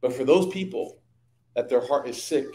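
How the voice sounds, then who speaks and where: A man giving an evening religious study talk, telling lively stories and speaking directly to his audience. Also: mid-range voice, moderate pace, roomy sound. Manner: lively anecdotal storytelling, addressing audience. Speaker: religious teacher. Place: community hall.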